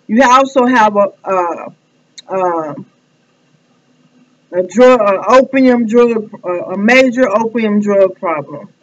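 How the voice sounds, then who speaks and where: A woman talking to camera in a casual monologue, rambling and halting with many fillers and restarts. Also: on the high side. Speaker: vlogger. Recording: dull lo-fi recording.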